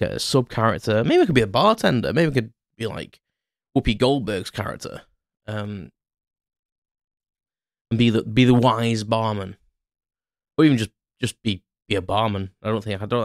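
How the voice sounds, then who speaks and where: A man's voice: on the low side, dry recording, studio quality. A man hosting a podcast, rambling in a casual solo monologue with lots of fillers and self-mocking asides. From Ireland. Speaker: podcast host.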